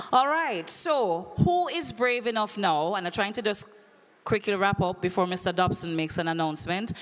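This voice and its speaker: A woman emceeing a conference, running a brisk, playful audience quiz and teasing the crowd over a handheld microphone. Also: on the low side. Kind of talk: lively audience quiz hosting. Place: large conference hall. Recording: long hall reverb.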